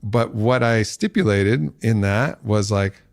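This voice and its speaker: A man in his forties, a podcast guest, telling a story in casual talk and acting out quotes with big jumps in pitch. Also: slow pace, gravelly, no room sound, clean studio sound.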